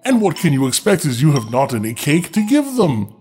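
A sly little yellow dwarf from a storybook, smug and drawling, as a man puts him on. He talks down to everyone with lazy disdain, the pitch swooping up and down. Soft music sits behind him. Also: sing-song, fairly quick.

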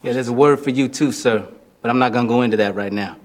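A man plays a composed American federal agent in a film, exasperated but firm. He briefs the room in a measured, steady voice of middle pitch. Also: close to an everyday voice. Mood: briefing.

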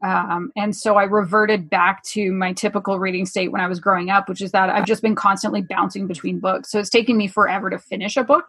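A woman on a casual podcast chat, making deadpan jokes. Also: mid-range voice, a little fast, hardly any pauses, slightly rough, dry recording. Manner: deadpan, joking. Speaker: podcast guest.

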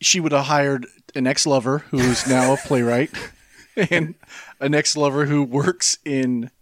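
A man in casual podcast chat, picking apart a movie's clichés with sardonic, deadpan complaints. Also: mid-range voice, measured pace, slight background noise.

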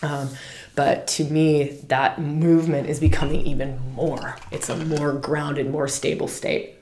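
A woman with a lowish voice hosts a spiritual podcast and talks in an animated, casual way. She repeats key words for emphasis. The recording has a roomy echo. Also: measured pace, a little hiss or hum. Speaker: podcast host.

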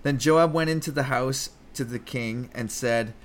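A man's voice: medium pitch, measured pace. A man hosting a comedy podcast, chatting casually and rambling with lots of swearing and restarts. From Canada. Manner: profane, rambling, self-interrupting. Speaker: podcast host. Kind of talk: casual comedic Bible commentary.

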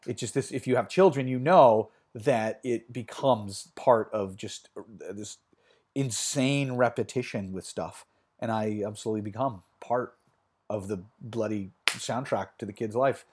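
A man's voice: on the low side, a little slow, a little mellow, breathy edge. A man hosting a betting podcast in casual chat, rambling with many fillers and restarts. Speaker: podcast host.

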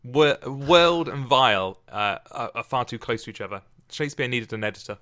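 A man hosting a casual podcast, chatty and encouraging, fussy about clear speech. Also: mid-range voice, expressive, moderate pace, pushed and bright. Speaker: podcast host.

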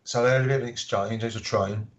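A man's voice: on the low side, quick pace. A man, an author, telling anecdotes in a casual interview and acting out the voices of the people he quotes. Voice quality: animated storyteller, acts out quoted voices. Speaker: author guest. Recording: dull lo-fi audio.

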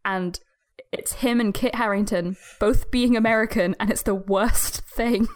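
A woman's voice: medium pitch, steady tone, a little slow. Woman co-host, casual banter, laughs through her sentences, mid-range voice. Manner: giggly, chatty, trails off into laughter. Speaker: podcast co-host. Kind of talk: casual chat.

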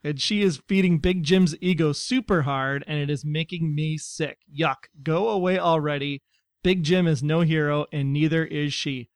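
A man co-hosting a casual talk show, reading out listener messages with a wry delivery. His voice is smooth and resonant and sits a little high for a man. The sound is dry and close. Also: normal speed, no room sound. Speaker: podcast co-host. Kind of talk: casual chat.

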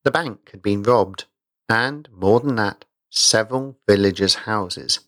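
A man reading a story aloud in a measured storytelling manner. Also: fairly low pitch, a bit bright, no echo, studio quality. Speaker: narrator. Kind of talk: audiobook reading.

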